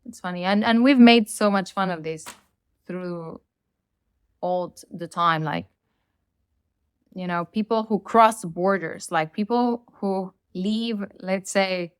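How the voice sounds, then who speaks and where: On her solo podcast, a blunt, opinionated Latina host from Latin America rants with offhand profanity. She speaks slowly and clearly in a resonant, medium-pitched voice, and the recording is dry.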